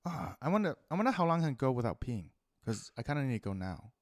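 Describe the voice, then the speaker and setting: A man with a New Zealand accent ranting profanely through a rambling solo monologue, swinging between loud outbursts and muttered asides. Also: mid-range voice, sing-song, fast talker, dry recording, studio quality. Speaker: podcast host.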